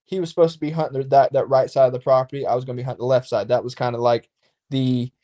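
A man in casual podcast chat, telling a long story in a rambling, lively way and acting out the exchanges he quotes. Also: mid-range voice, racing.

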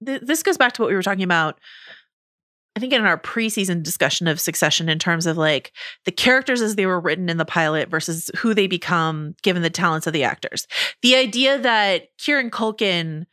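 Chatty woman podcast host, bright voice, dead dry mic. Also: fairly low pitch, lively intonation, no room sound. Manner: chatty, quick asides and laughs. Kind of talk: casual chat about a TV episode.

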